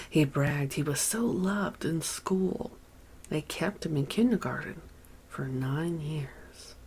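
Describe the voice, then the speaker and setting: A woman reading a memoir aloud as an audiobook narrator, measured and unhurried, with deliberate pauses. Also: low voice, darkish tone.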